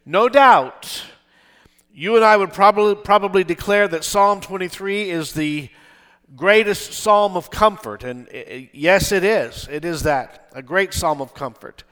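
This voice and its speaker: A man's voice: sits high, unhurried, fairly bright tone, clean tone. An older man preaching a sermon to his congregation, with emphatic delivery, often asking them to respond. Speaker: pastor. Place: church with balcony.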